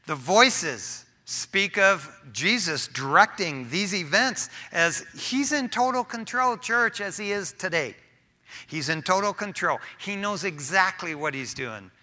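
A man preaching a sermon to his church in a casual, animated way, often tossing in "man". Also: sits high, measured pace. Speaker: pastor.

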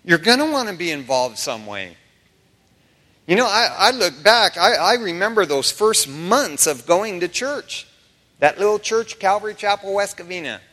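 Animated high-voiced man preaching in a hall. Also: normal speed. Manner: animated, casual storytelling with humor and acted-out quotes. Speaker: pastor. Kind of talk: sermon. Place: church sanctuary. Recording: preached in a reverberant church hall.

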